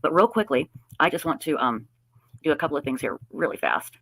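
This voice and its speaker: A woman's voice: deep voice, lively intonation, brisk, a bit bright, no room sound, low-quality recording. A woman hosting a live stream in casual, effusive chat, with a slight lisp from new dentures. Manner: effusive, chatty. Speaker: livestream host.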